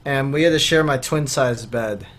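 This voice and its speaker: A man's voice: medium pitch, normal speed, fairly bright tone. Rambling young man on a podcast. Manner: loose and rambling, many fillers. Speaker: podcast co-host. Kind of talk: casual chat.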